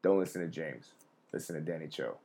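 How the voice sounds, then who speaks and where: A man's voice: a bass voice, a little fast, mellow. A young adult man, a comedian hosting a live stream, telling rambling, profane, self-mocking stories in casual chat.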